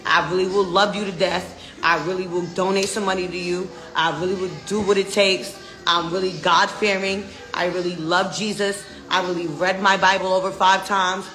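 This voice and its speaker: A young American woman rants in a brash, defiant, profane way and circles back over the same points. Her voice is bright and forceful. The sound is roomy and echoing. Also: fairly low pitch, fairly even intonation, normal speed, faint music behind. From United States. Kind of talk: casual rant.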